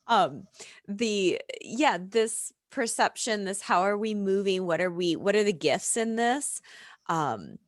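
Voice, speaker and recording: Slow, reflective American woman. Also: mid-range voice, expressive, no echo, clean studio sound. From United States. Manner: reflective, unhurried, laughs often. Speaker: guest, yoga and reiki practitioner. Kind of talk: casual podcast chat.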